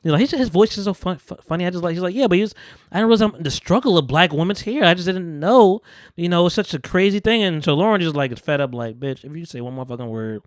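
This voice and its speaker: Fast-talking man recapping a movie. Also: a little high, dry recording, studio quality. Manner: animated, acts out characters' lines in quick voices. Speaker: podcast co-host. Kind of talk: casual chat, recapping a movie. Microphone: studio podcast mic.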